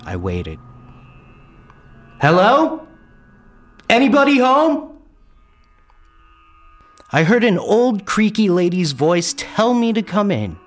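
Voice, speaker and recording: A man telling a first-person story with a lively, wry delivery. His pitch rises and falls a lot as he narrates. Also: a little slow, few pauses.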